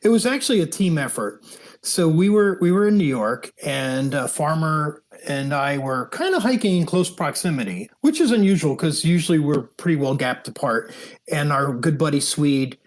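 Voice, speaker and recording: An animated man recounts trail stories as an interview guest. His voice sits a touch high and he laughs freely as he talks. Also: normal speed. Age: older. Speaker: podcast guest, thru-hiker. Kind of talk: casual storytelling interview.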